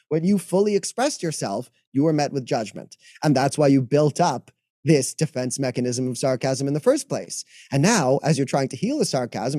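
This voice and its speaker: A man who works as a mental health coach, explaining in podcast talk and acting out inner voices in quick asides. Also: fairly high pitch, dark tone, dry recording, clean studio sound.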